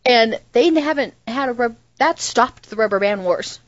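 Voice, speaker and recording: A woman in a casual chat, telling an animated story from her workplace. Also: fairly high pitch, moderate pace, dry recording. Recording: dry, dull lo-fi sound.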